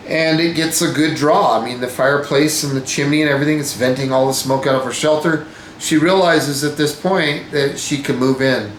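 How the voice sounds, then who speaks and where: A man's voice: on the high side, echoey room. A man giving a casual, enthusiastic recap of a TV episode, often exclaiming in amazement. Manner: enthusiastic, exclaims "holy smokes". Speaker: show recap host.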